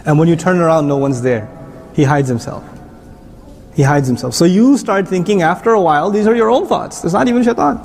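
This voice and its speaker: A middle-aged man preaching a sermon-style lecture, explaining with rhetorical questions and turning animated at times. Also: high voice, fast talker, vocal fry, few pauses, faint music behind. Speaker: Islamic preacher.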